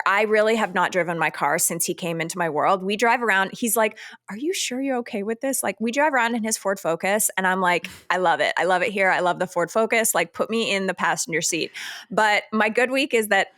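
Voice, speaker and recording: Woman, podcast co-host, chatty, laughs a lot, mid pitch, dry close sound. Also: fairly quick, fairly bright tone, no echo. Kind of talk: casual chat.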